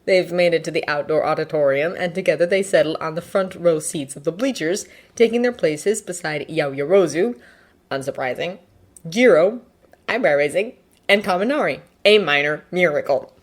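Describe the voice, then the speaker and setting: A woman's voice: fairly low pitch, normal speed. Woman narrating a fanfiction audiobook. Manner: expressive, lively reading. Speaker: fanfiction reader.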